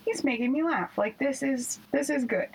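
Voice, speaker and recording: Husky-voiced woman telling candid stories. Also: high-pitched, normal speed, low-quality recording. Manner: chatty, candid storyteller. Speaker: podcast co-host. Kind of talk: casual chat.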